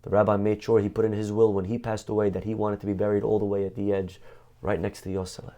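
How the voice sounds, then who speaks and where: A man, a rabbi, teaching a Torah class through a story. He tells it dramatically, slowing down and lifting his voice at the emotional peaks. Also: fairly low pitch, level tone, mellow.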